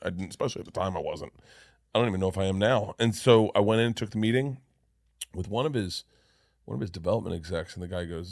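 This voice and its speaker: A man's voice: low voice, gravelly, darkish tone, no echo, studio quality. A man telling rambling, self-deprecating stories in a casual podcast chat, with many restarts. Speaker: comedian guest.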